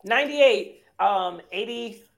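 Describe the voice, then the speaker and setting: A woman's voice: medium pitch, expressive, takes it slowly, vocal fry. Giggly woman podcast guest. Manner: giggly, playful. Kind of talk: casual podcast chat.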